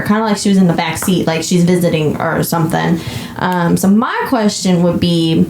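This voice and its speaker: A woman's voice: mid-range voice, darkish tone, roomy sound, a little hiss or hum. A woman co-hosting a casual movie podcast, questioning and arguing over plot details. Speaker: podcast co-host.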